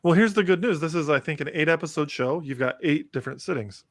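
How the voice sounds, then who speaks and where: A man's voice: on the high side, fast talker, dry recording. A man co-hosting a podcast in casual chat, enthusiastic and joking, with lots of "like". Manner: enthusiastic, joking, heavy use of "like". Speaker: podcast co-host.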